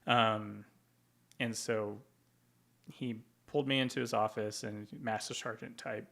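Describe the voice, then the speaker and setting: A man from Tacoma, Washington, USA, speaking as a veteran guest in an interview, tells stories casually, rambling with plenty of ums and likes. His lowish voice is steady and a little slow, with vocal fry and a fairly bright tone.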